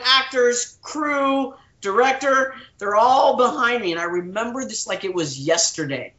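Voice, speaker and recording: A man, a guest actor, telling a story in an animated way and acting out the quotes with big voice shifts. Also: sits high, echoey room, muffled recording.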